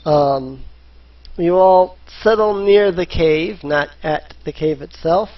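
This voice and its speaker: A man narrating a tabletop role-playing game as dungeon master, in an unhurried storytelling manner. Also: on the high side, slight background noise. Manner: unhurried storytelling, voicing characters in quotes. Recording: dull lo-fi voice chat.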